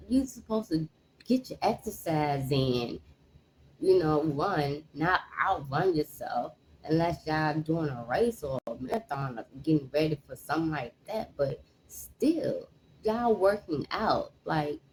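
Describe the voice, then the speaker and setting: A woman's voice: sits low, expressive, takes it slowly, slight background noise, low-quality recording. A woman hosting a reaction video, giving casual commentary in an exasperated, incredulous way and repeating herself.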